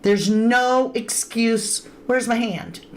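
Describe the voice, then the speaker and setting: A woman's voice: fairly high pitch, fairly even intonation, drawn-out words. A woman hosting a true crime livestream in a chatty, casual way, greeting viewers by name and adding emphatic asides. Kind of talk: casual live-stream commentary. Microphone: webcam or phone on camera.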